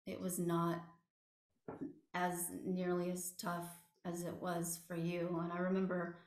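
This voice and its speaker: Young woman guest, calm and measured, low flat delivery, echoey room. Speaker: guest sharing her story. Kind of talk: casual interview talk.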